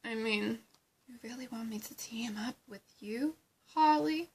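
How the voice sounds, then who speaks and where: A woman's voice: on the high side, a little slow, a little mellow, breathy edge. A woman voicing a haughty, seductive female plant villain who calls others "darling" and dips into whispers. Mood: sultry. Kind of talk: fan voice acting.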